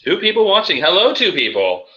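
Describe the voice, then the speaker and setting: A man co-hosting a casual chat, cheeky and quick to laugh, with a bright, sharp voice that climbs fairly high. The audio is muffled and lo-fi. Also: huge pitch swings. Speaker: podcast co-host.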